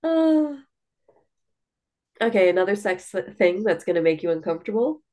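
A woman's voice: mid-range voice, big pitch swings, moderate pace, long pauses, a little mellow. A woman co-hosting a podcast, chatting casually about a book in a blunt way, with lots of "like" and the odd swear word. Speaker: podcast co-host. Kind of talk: casual book review chat.

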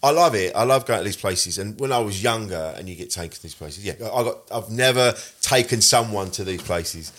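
Casting: male co-host, low voice, rambling comic asides. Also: lively intonation, a little fast, hardly any pauses, a bit bright. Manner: rambling, jokey, restarts often. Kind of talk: casual podcast chat.

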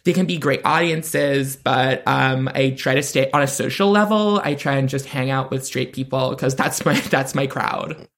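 A man putting on an American accent, answering in a deadpan, mock-earnest way. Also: mid-range voice, moderate pace, gravelly. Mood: mock-gushing. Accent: put-on American.

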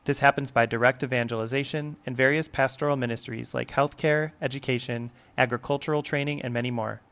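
A man's voice: mid-range voice, steady tone, brisk, fairly bright tone. Man reading a formal podcast intro. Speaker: podcast host and producer. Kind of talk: scripted introduction.

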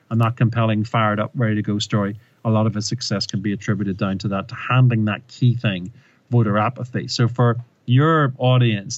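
Male guest expert, lively storyteller, dull dry lo-fi sound. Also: medium pitch, no room sound. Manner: animated storyteller, retells with rising emphasis. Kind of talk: explanatory interview talk.

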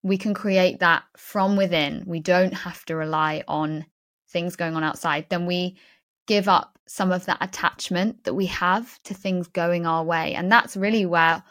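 A woman's voice: lowish voice, fairly even intonation, unhurried, fairly bright tone. A woman hosting a podcast interview, speaking in a reflective, thoughtful way. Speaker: podcast host.

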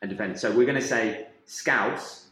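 Low-voiced man in an echoey room. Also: moderate pace, fairly bright tone. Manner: playful, leads the conversation. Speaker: presenter. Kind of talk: casual banter.

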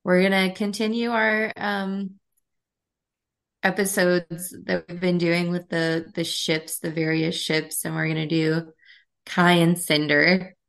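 A woman hosts a relaxed podcast chat in a low voice with plenty of gravelly fry. Her voice is scratchy, and her talk is friendly and loose, full of "like". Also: slow. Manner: chatty, friendly, loose phrasing with "like". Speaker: podcast host.

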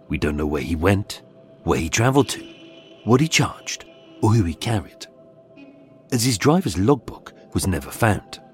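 A man narrating a scripted true-crime story in a measured, dramatic way, with suspenseful pauses. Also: lowish voice. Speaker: podcast host and narrator. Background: faint background music.

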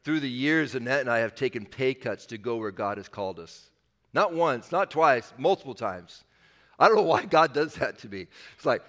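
A man in his fifties preaching a sermon as pastor, animated and acting out bits of dialogue in bursts. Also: medium pitch, moderate pace. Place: church sanctuary. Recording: church hall reverb with faint music.

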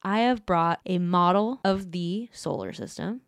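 A woman voicing an earnest male scientist who talks in a hurried, fumbling way. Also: on the low side, clean tone, dry recording, clean studio sound, close to an everyday voice.

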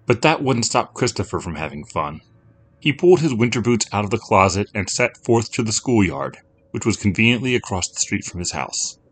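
A man reading a scripted story as narrator, in a measured, steady telling. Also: deep voice.

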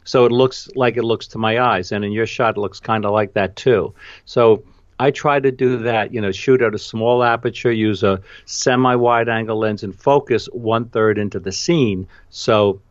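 A man's voice: lowish voice, moderate pace, dry recording, dull audio. A man with a New York accent hosting a podcast, chatting casually and laughing easily with lots of "you know" fillers over a video call. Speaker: podcast host and photographer. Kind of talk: casual conversation.

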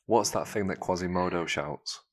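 Very low-voiced man chatting. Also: normal speed, crowd noise. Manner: rambling, playful, teasing. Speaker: podcast host. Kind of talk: casual chat.

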